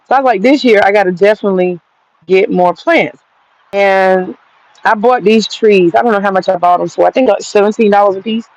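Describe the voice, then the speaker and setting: A chatty, excitable woman from Georgia, vlogging in her garden and swearing freely. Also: mid-range voice, poor audio. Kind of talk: casual outdoor vlog. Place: outdoor home garden.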